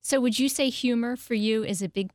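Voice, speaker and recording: A woman's voice: fairly high pitch, a little fast, darkish tone, no room sound, clean studio sound. A middle-aged woman hosting an interview, asking curious, searching questions with many fillers. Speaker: interview host. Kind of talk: conversational interview.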